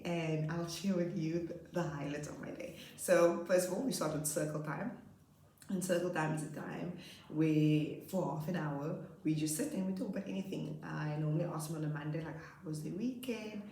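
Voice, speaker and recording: A woman's voice: brisk, a little hiss or hum. A young woman teacher casually telling funny stories about her class, laughing often and acting out her pupils. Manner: animated, laughs often, acts out her pupils in high voices. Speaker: grade 2 teacher. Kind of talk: casual storytelling vlog. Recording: roomy echo, slightly far from mic.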